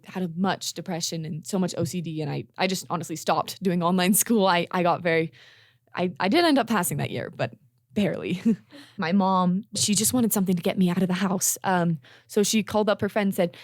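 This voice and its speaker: Young woman telling her story on a podcast, kinda low voice, earnest and halting, keeps restarting, dry sound. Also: no room sound. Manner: earnest, halting, repeats words as she restarts. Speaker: podcast guest. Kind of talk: candid personal storytelling.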